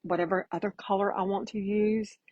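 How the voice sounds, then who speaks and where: Husky, chatty woman teaching painting. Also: medium pitch, fairly even intonation, fairly quick, darkish tone, no room sound, lo-fi sound. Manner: chatty, folksy, greets viewers by name. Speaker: painting instructor. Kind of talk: casual live painting demo.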